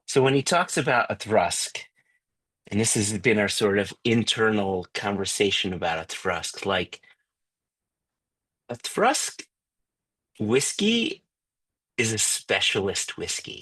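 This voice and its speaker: A man's voice: on the low side, fairly bright tone, slightly rough. A man hosting an online tasting on a video call, chatting loosely with lots of fillers and restarts. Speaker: whisky tasting host. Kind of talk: casual online tasting talk.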